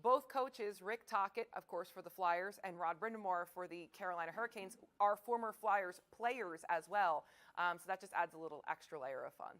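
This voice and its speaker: A woman sports reporter talks on a live news broadcast in a relaxed, chatty way. Her voice sits fairly low, and she sounds keen and playful. She drops in lighthearted asides as she goes. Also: moderate pace. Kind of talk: casual live news chat.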